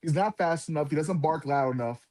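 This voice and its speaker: A man's voice: a little high, fairly quick, crowd noise. A man joking hesitantly with many fillers on a casual wrestling podcast. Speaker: podcast co-host.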